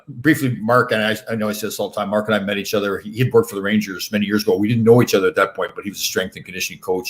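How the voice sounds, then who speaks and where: A man from Canada hosting a casual chat, fired up and talking fast. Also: lowish voice, fairly bright tone. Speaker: host.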